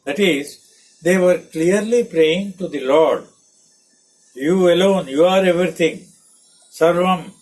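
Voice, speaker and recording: Slow-speaking older Indian man teaching scripture. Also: fairly high pitch, poor audio. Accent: Indian English. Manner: chants Sanskrit verses and explains them word by word. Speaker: spiritual teacher.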